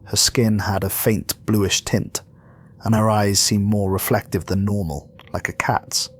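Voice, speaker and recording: A man narrates a sci-fi horror story in a measured, somber delivery. His voice sits on the low side, with a faint hum of ambience underneath. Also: flat delivery.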